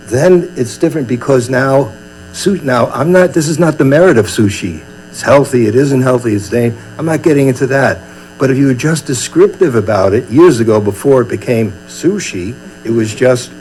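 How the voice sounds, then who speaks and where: A man's voice: medium pitch, expressive, normal speed, a little mellow, low-quality recording. An older man from Brooklyn, giving a chatty, humorous dharma talk as a meditation teacher and acting out little scenes. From Brooklyn, USA. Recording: faint mains hum.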